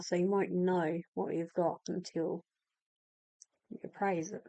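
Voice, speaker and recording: A woman hosts a relaxed video about game lore in a mellow, warm voice. She talks in an easy, explanatory way, with small asides and fillers. The sound is dry and close. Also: lowish voice, dry recording, rough recording. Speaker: host. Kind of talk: casual game lore talk, reading in-game texts aloud.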